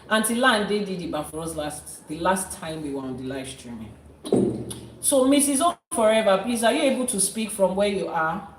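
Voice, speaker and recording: A woman's voice: fairly low pitch, a little hiss or hum. A woman leading a live-streamed spiritual session as an Ifa priestess, coaxing and teasing her guest and chanting prayers. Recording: roomy sound from a distant mic.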